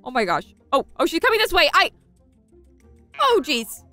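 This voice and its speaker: Excitable young woman narrating a game role-play. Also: sits high, normal speed, soft background music. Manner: excitable, chatty, addresses viewers. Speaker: gaming channel host.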